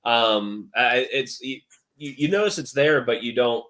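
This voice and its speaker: A man co-hosting, describing something in a rambling, halting way with many restarts. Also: mid-range voice, fairly bright tone. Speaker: co-host. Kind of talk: casual chat.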